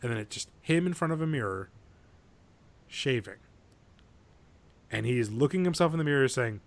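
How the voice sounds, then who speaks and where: An animated man chatting casually on a podcast, swearing freely and acting out quoted lines as he goes. His voice sits at an ordinary middle pitch. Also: normal speed, pauses often. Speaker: podcast co-host. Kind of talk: casual chat, retelling a movie.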